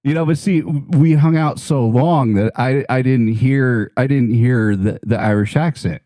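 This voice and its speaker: A man's voice: medium pitch, a little slow, warm tone, dry recording. A man telling a rambling story in casual chat, swearing freely and laughing as he goes. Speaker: podcast guest.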